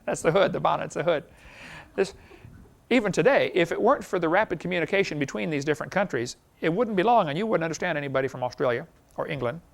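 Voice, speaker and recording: A man teaches a class in a relaxed, folksy way, sprinkling in anecdotes and chuckling at his own jokes. His voice sits somewhat high and has a gravelly edge. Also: fast. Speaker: lecturer.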